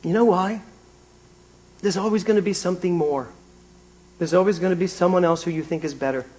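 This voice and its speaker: A man's voice: high-pitched, quick pace, darkish tone. A British man in his fifties giving a conversational, self-mocking sermon from the pulpit. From Britain. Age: 50s. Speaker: minister. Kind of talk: sermon with personal anecdote.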